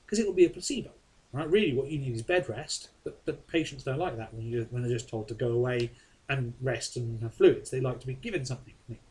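A man's voice: mid-range voice, fast talker, darkish tone, poor audio. A man, teaching a recorded science lesson in a chatty way and checking in often with his listeners. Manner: chatty, keeps checking in with "okay?" and "right?".

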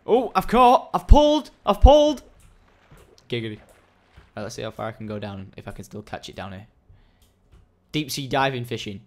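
A young man, rambling through casual gaming commentary, jokey and prone to sudden excited yelps. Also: on the low side. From England. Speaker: gaming video host.

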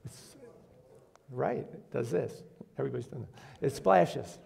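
A man's voice: medium pitch, lively intonation, unhurried, gravelly, noisy background. A man preaching a sermon to a congregation in a church, earnest, asking the room questions and rising to emphatic bursts. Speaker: pastor.

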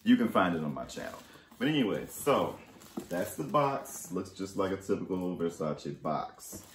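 A man vlogging a casual storytime and unboxing, animated, jumping between loud exclamations and muttered asides. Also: low voice, moderate pace, echoey room, slight background noise. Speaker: fashion haul vlogger.

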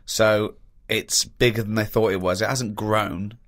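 A man's voice: lowish voice, fairly even intonation. A man co-hosting a radio chat, teasing the others and arguing points with big laughs. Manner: teasing, loud laughs, quick to argue. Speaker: radio co-host. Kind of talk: casual chat.

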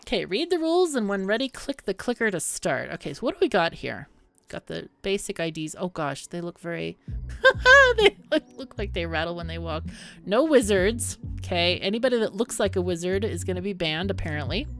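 A woman's voice: on the low side, big pitch swings, brisk, a bit bright, faint music behind. Amused woman playing through a game. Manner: amused, laughs often, reads the dialogue aloud. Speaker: gaming YouTuber. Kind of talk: let's play commentary and reading.

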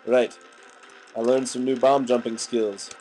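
A man's voice: mid-range voice, flat delivery, measured pace, warm tone, slight background noise, poor audio. Goofy young man with a gunky throat. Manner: goofy, silly outbursts and running jokes. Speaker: let's play commentator. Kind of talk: gaming commentary.

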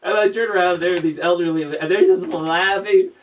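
A man telling lively stories to camera, laughing often and breaking into high squeals. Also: a little fast, recorded from a distance, low-quality recording. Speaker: vlogger. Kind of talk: casual storytelling to camera.

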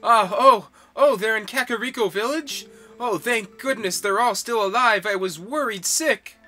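Brief: man voicing a high, fretful motherly shopkeeper. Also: normal speed, bright, forceful tone, faint music behind.

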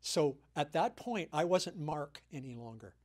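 A man's voice: a little high, animated, measured pace. A man in his sixties, a guest speaker giving a sermon, retelling a story earnestly and repeating his key points.

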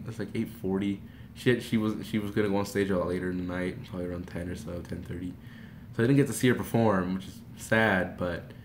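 Young man telling an excited story. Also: fairly low pitch. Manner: breathless, swings into loud shrieks when reenacting. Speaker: vlogger. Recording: echoey room with faint noise.

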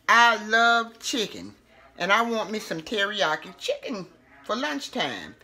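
A woman's voice: medium pitch, very animated, takes it slowly, pushed and bright. A woman, chatting casually as she demonstrates home cooking. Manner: chatty, folksy, talks while working with food.

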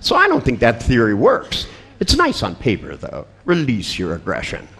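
A man's voice: medium pitch, wildly swooping pitch, moderate pace, gravelly, bright, forceful tone. An older man telling a crude, funny story to a seminar audience. He laughs often and acts out the other people's lines. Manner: profane, laughing storyteller acting out dialogue. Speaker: seminar speaker.

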